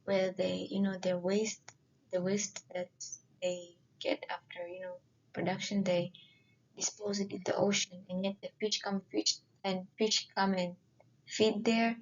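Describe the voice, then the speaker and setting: A woman giving a slide presentation, halting and often filling pauses with "you know". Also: medium pitch, little pitch movement, lo-fi sound.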